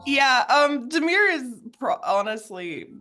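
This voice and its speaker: A woman chats through her turn in a tabletop game, hesitant and full of fillers. Her pitch swings widely while her pace stays slow. Soft music plays in the background. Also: very animated. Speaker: player. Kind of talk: casual tabletop game chat.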